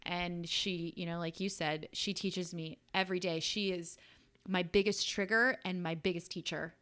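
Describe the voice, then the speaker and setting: A woman's voice: lowish voice, fairly even intonation, normal speed, fairly bright tone. A woman co-hosting a podcast, telling a personal story in a casual, earnest and emotional way. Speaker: podcast co-host. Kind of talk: casual chat.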